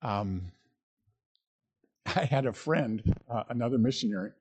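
A middle-aged man preaching a sermon in a relaxed, conversational way, with reflective chuckling asides and frequent restarts. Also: medium pitch, measured pace, slightly rough. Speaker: pastor.

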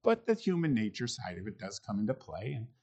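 A middle-aged man preaching a sermon in a relaxed, conversational way, with reflective chuckling asides and frequent restarts. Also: lowish voice, brisk, highs cut off. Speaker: pastor.

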